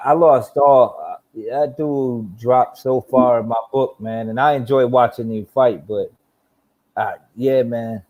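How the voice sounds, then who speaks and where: A man's voice: medium pitch, narrow, tinny audio. Man, boxing talk host, casual live-stream chat, blunt, profane, stammering restarts.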